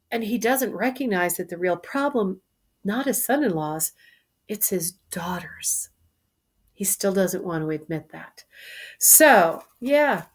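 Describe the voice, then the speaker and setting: A woman casually explaining a play to listeners, with wry, chatty asides. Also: medium pitch. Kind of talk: explaining a play between read passages.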